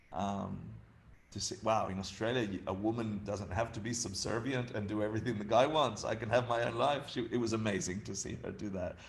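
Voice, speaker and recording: A man in his fifties from Argentina, teaching dharma to a group in a chatty, laughing storyteller's way. His voice sits low with a gravelly edge. Faint background noise sits under the talk.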